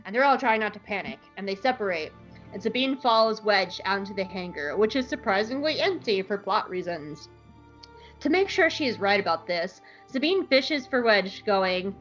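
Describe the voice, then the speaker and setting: A woman's voice: medium pitch, animated, moderate pace, a bit bright, dull audio, soft background music. A young woman recapping an episode in a chatty, irreverent way, swearing freely. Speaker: show recapper.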